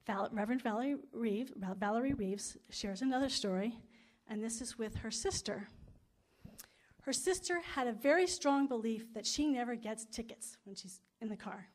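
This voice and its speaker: A woman's voice: on the high side, normal speed. A woman pastor delivering a sermon and a spoken prayer to a congregation in a room, repeating phrases in rolling, emphatic lists. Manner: storytelling with acted-out quotes.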